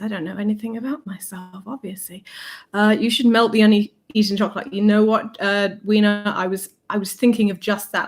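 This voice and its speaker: A woman's voice: medium pitch, slight background noise. Chatty woman tasting sweets live. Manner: chatty, playful, softly spoken. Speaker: livestream host. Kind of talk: live-stream food tasting chat.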